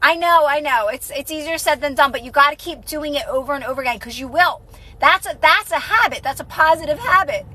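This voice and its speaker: Bright high-voiced woman coaching live. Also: fairly quick, rough recording. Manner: casual, repetitive, reassuring advice; answers viewer comments. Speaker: manifestation coach. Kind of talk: live-stream chat.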